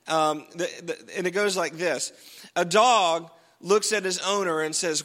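A man's voice: high-pitched, measured pace, a bit bright, big-room sound. A man preaching a sermon as pastor, chatty and jokey, often restarting his sentences.

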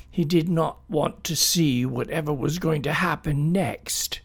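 A man reading a children's animal story aloud in an expressive, unhurried way. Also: medium pitch, creaky, slightly rough.

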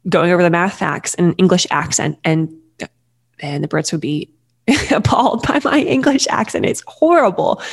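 A woman's voice: fairly low pitch, gravelly. A woman in her thirties talking casually and lightheartedly, giving parenting advice with many fillers and restarts.

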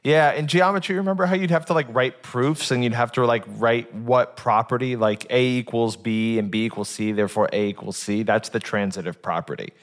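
A man's voice: mid-range voice, fairly even intonation, a little fast, few pauses. A man co-hosting a podcast, explaining things in a dry, matter-of-fact way. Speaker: podcast co-host. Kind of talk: casual chat.

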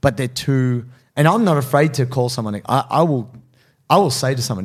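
A man co-hosting a podcast, telling a story in casual chat and acting out quotes in a higher voice. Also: moderate pace. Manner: animated, acts out quotes in high voices. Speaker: podcast co-host.

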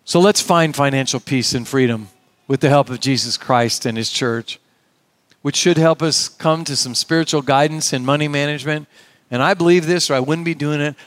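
Earnest pastor preaching in a dry sound. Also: male voice, medium pitch, dry recording. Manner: earnest, conversational preaching with quoted dialogue. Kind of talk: sermon.

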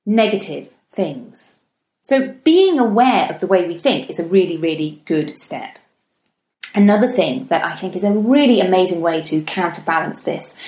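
A woman in her thirties, hosting a reflective solo podcast talk in a gentle, chatty manner, slowing down to stress her points. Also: on the low side. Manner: gentle, chatty, slows down for emphasis. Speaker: podcast host. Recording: echoey room.

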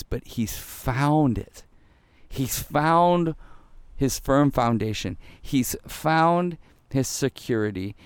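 An earnest man preaching a devotional sermon at a medium pitch. He repeats phrases for emphasis and drops to a hushed voice when he quotes a prayer. The sound is dry and close, with no room echo. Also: smooth. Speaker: pastor.

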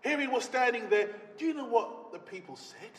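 A man preaching a sermon in a church, dramatic, swinging between shouts and hushed low phrases. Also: lively intonation, fairly quick, background noise. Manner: dramatic, rising to shouts and dropping to near whispers. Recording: echoey church hall.

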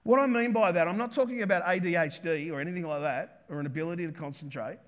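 Man preaching, higher voice, emphatic, repeats key words, sermon delivery. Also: fast talker. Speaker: pastor.

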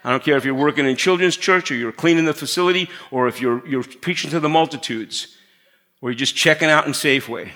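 Bright-voiced male pastor preaching conversationally. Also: fairly high pitch, quick pace. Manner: conversational preaching, drops to a hush for emphasis. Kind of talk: sermon.

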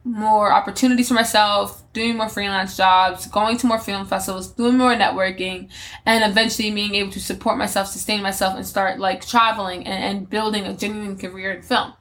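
Here a twenty-something podcast host talks alone, openly wandering through what she intends to do, often restarting and using fillers. She speaks fairly quickly in a mid-range, fairly bright voice with fairly even intonation.

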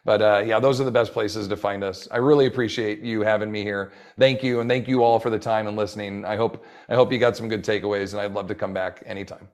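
A man's voice: fairly low pitch, steady tone, fast, hardly any pauses, a little mellow. A man in his forties, a fitness coach for older adults, talking enthusiastically as a podcast guest and acting out bits of dialogue. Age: 40s. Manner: enthusiastic, rambling, acts out quoted dialogue.

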